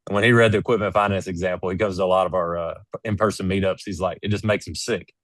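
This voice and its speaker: A man's voice: deep voice, steady tone, fast talker, fairly bright tone, dry recording. A man speaking as a guest in an interview, making his points with emphatic, preachy storytelling. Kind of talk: casual interview conversation.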